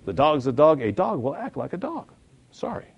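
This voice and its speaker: A man teaching a Sunday school Bible lesson in a conversational, folksy way, slowing down and building up for emphasis. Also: a little high, very animated, creaky, husky, lo-fi sound. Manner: conversational, folksy, chuckles at own points.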